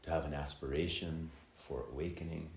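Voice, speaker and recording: A middle-aged man giving a dharma talk as Zen teacher and preceptor, reflective and unhurried, with many ums and uhs. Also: a bass voice, fairly even intonation, creaky, slight background noise. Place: temple hall. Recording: echoey temple hall, faint ambience.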